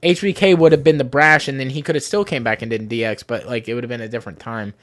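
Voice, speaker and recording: A man's voice: medium pitch, fairly even intonation, fast talker, a bit bright. A man hosting a podcast in casual chat, profane and opinionated. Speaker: podcast host.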